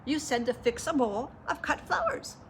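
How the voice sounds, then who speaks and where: A woman's voice: sits high, normal speed, noisy background, close to an everyday voice. Woman reading as chirpy literal-minded housekeeper. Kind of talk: reading a picture book aloud.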